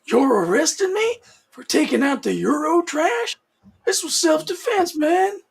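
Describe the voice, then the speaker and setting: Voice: high-pitched, big pitch swings, unhurried, gravelly, exaggerated voice. A performer voicing a brash, sneering macho biker tough guy in a comic read-aloud.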